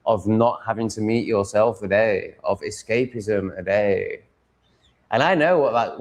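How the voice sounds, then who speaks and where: A man's voice: lowish voice, creaky, a little mellow. Crude, mocking man streaming live. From Sheffield, England. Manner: crude, mocking, swears freely. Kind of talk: rambling live-stream chat.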